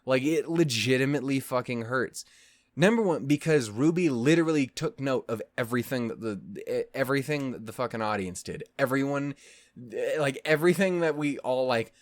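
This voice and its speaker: A man in the middle of his range rants through an emotional reaction, swearing freely and restarting his sentences as he goes. His sound is dry and close, with no room around it. He talks like a host who speaks to his viewers in casual, expressive commentary. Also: medium pitch, fairly quick, dry recording. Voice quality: voice actor's expressive delivery.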